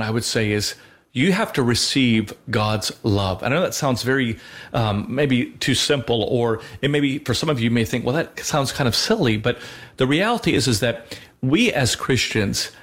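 A man, a father, co-hosting a Christian show, talking earnestly in a conversational way with frequent fillers and restarts. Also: mid-range voice. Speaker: co-host of a Christian radio show. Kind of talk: conversational faith talk.

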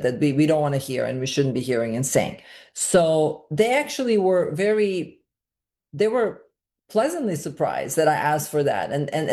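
A woman's voice: sits low, mellow. A woman filmmaker answering interview questions in long, searching explanations, often repeating words as she works toward her point.

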